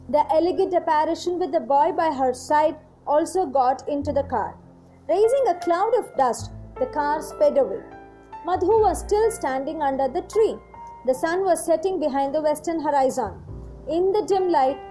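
Brief: female storyteller, measured reading, soft music underneath. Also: sits high. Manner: measured, with brief asides explaining phrases. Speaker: narrator.

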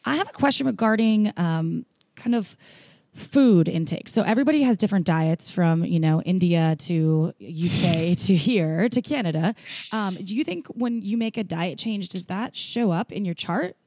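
A curious woman host asking her questions tentatively, with the odd soft laugh. Her voice is warm, mellow and a little low, recorded dry and close. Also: moderate pace, dry recording. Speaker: podcast host. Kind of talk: casual interview question.

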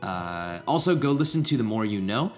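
A man's voice: on the low side, sing-song, moderate pace, soft background music. A young man hosting a casual podcast, chatty and laid-back, rambling a little. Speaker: podcast host.

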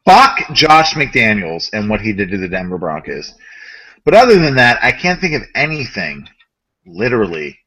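A man co-hosting a casual gaming podcast, ranting in an animated, profane way. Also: on the low side, normal speed, breathy edge, low-quality recording. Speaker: podcast co-host.

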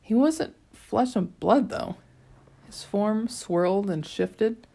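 A woman's voice: medium pitch, expressive, slow, creaky, dark tone, breathy edge. A woman reading an audiobook chapter aloud, telling it in the first person with a dry, wry tone. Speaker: audiobook narrator. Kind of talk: scripted narration.

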